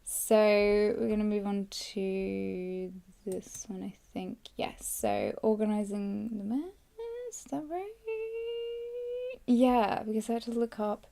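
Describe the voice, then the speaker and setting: A woman, hoarse, hosting a casual live journaling session on a podcast in a rambling, chatty way with lots of fillers. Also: mid-range voice, level tone, slow pace, dark tone. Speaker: podcast host.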